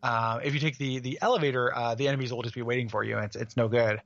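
A man rattles through a casual video game chat at a quick clip, stacking fillers and jokes as he goes. His voice comes through a dull, lo-fi mic in a dry room. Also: medium pitch, fairly even intonation, creaky, fairly bright tone, no echo. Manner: rambling, many fillers, jokey. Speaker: podcast co-host.

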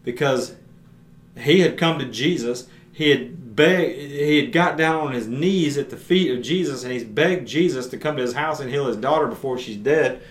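A man of ordinary pitch gives a conversational Bible teaching for his podcast. He retells scripture earnestly in plain everyday words. His voice rings around a roomy, echoing space. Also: moderate pace. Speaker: podcast preacher. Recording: roomy echo.

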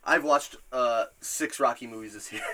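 A man hosting a casual podcast, retelling scenes in a rambling, profane, animated way. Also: mid-range voice, normal speed. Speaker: podcast host.

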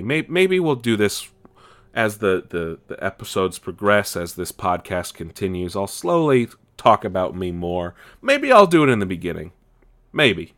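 Man, podcast host, rambling, stammering, swears freely, lowish voice. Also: a bit bright. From California. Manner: rambling, stammering, frequent restarts and "okay?" tags; blunt, swearing. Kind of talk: casual solo podcast monologue.

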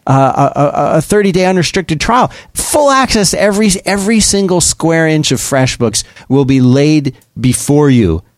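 A man's voice: fairly high pitch, expressive, normal speed, hardly any pauses, no echo, studio quality. A man co-hosting a podcast, chatting casually and rambling through an ad read. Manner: chatty, rambling, self-interrupting. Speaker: podcast co-host.

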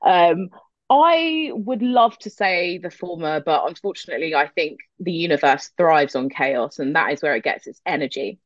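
A woman with a lowish voice talks candidly in a casual interview, swearing now and then and laughing easily at herself. The sound is dry and a little dull and lo-fi. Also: animated, normal speed, no room sound. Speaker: guest, metal vocalist.

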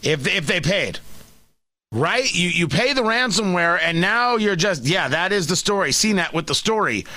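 A man's voice: sits high, lively intonation, moderate pace, bright, forceful tone. A man hosting a talk radio show from a studio, delivering an emphatic, combative opinion monologue and repeating words as he starts a point.

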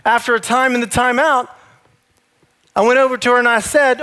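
A man's voice: very high voice, steady tone, a little fast, pushed and bright, clear, resonant tone. A man in his thirties preaching a sermon, telling family stories in a conversational way before moving into teaching. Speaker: pastor.

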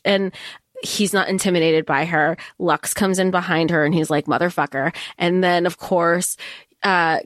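A woman co-hosting a podcast, animated and casual as she discusses a book, with quick asides and swearing. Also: on the low side, no echo, studio quality. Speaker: podcast co-host.

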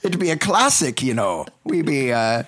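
A man voicing a bumbling, cheerful male pirate shipmate in an improv comedy skit, in mock pirate grammar with halting restarts. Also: mid-range voice, sing-song, fairly bright tone. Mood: playful.

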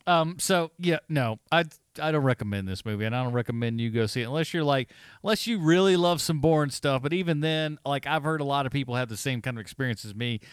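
Male podcast co-host, casual movie talk, expressive and profane, smooth clear tone. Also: mid-range voice, quick pace, dry recording, clean studio sound. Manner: animated, swears freely, acts out his reactions. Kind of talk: casual movie review chat.

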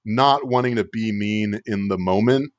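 A man with a fairly low voice tells a comic story in a loose, rambling way, hedging with filler words and wry asides. The sound is dull and lo-fi, with a dry, close feel. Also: unhurried, no room sound. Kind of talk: casual comedic storytelling.

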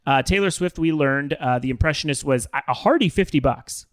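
Brisk, jokey male podcast host. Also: fairly high pitch, no room sound. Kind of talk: casual comedy podcast chat.

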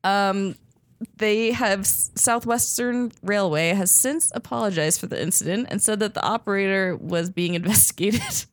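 A woman's voice: medium pitch, moderate pace, no echo. A woman co-hosting a casual group chat, reading out news stories with giggles and stumbling over foreign names.

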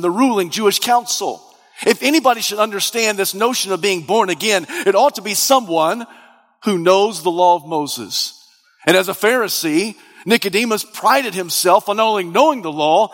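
Male preacher, high voice, emphatic sung-out peaks, long hall reverb. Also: a bit bright. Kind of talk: sermon.

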